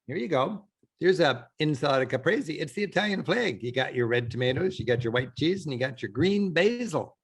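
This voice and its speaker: A man hosts a travel show, talking straight to the camera in a loose, eager way. His voice has a slightly husky edge, and he circles back to hammer home his points. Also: on the high side, animated, a little fast. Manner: enthusiastic, chatty, repeats for emphasis. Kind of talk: casual on-location talk to camera.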